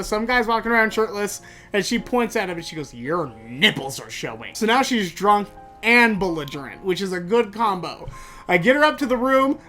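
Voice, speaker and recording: A podcast host telling comic stories in an animated, jokey way. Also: male voice. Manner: animated, jokey, rises in pitch when excited. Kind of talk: comic storytelling.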